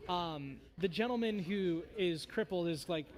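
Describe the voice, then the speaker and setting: A man's voice: sits high, a little slow. A man running a tabletop game as game master, narrating loosely with many fillers.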